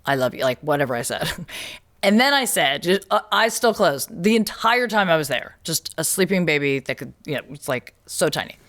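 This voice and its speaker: A woman hosting a podcast, telling a personal story in casual conversation, animated and often laughing as she acts out what others said. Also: deep voice, normal speed. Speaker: podcast host.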